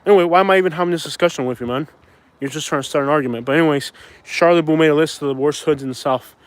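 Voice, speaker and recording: A man's voice: fairly high pitch, rapid-fire. A man from Florida rambling in casual chat while driving, talking to viewers and his passenger. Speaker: vlogger. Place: car.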